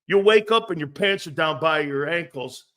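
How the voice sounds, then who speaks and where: A man's voice: fairly high pitch, moderate pace, a bit bright. A man hosting a sports talk show, rambling and joking with frequent laughs, blunt and a bit profane.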